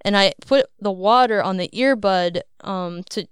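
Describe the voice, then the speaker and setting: Smooth-voiced woman recounting a dream. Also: medium pitch, a little slow, dry recording, studio quality. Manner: rambling, earnest, laughs at herself. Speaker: guest sharing a dream. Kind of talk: casual storytelling.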